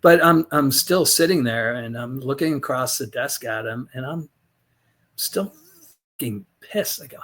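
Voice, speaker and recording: A middle-aged man speaks as an interview guest, recounting his past frankly and without polish. He swears freely and slips into the voices of the people in his story as he quotes them. His pitch sits in an ordinary middle range for a man. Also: measured pace, fairly bright tone. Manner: blunt, profane, acts out both sides of quoted dialogue. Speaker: podcast guest, former Navy SEAL.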